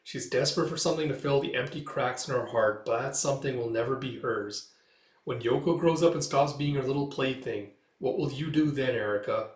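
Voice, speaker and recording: A man voicing a gruff, world-weary veteran soldier with a dry manner, in a roomy recording. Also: mid-range voice, brisk, lightly acted. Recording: roomy echo.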